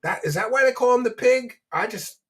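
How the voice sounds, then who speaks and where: Husky, brash Philly show host. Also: male voice, extremely high pitch, expressive, fairly quick, fairly bright tone. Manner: brash, mocking, swears casually. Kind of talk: casual livestream chat reading donations.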